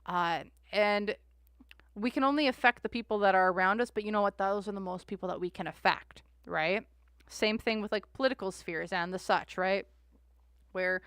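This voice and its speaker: A woman's voice: mid-range voice, moderate pace, a bit bright, no echo, clean studio sound. A woman hosting a tarot livestream, chatting casually and rambling with frequent restarts.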